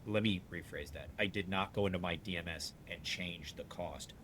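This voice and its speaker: A man's voice: low-pitched, normal speed, slight background noise. A man who owns a dealership, talking casually and bluntly, telling stories with lots of restarts. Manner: rambling, animated storyteller with frequent restarts; salty, blunt talk. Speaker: dealership owner. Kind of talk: casual storytelling on a podcast.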